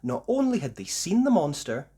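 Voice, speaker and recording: A woman reading a children's storybook aloud with slow, expressive, sing-song delivery. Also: low voice, breathy edge. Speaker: story reader.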